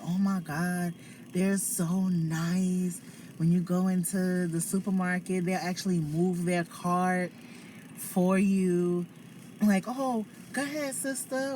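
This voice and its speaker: Chatty New York woman, low voice. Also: a little mellow, slight background noise. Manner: chatty, talks to viewers and family between stories. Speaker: live streamer. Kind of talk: casual chat. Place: inside a parked car. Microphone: phone.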